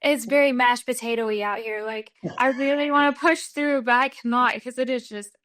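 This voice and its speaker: An American woman from Texas talks as a podcast guest, with a fairly high voice. She tells her running stories in a chatty, animated way and laughs easily between the lines. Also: moderate pace. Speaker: guest runner. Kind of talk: casual podcast interview.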